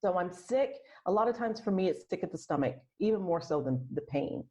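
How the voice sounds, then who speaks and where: A woman talking as a podcast guest in casual interview chat, soft and reflective, often restarting her sentences. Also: lowish voice, animated, fairly quick. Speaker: podcast guest, aromatherapist and health coach. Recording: lo-fi muffled sound.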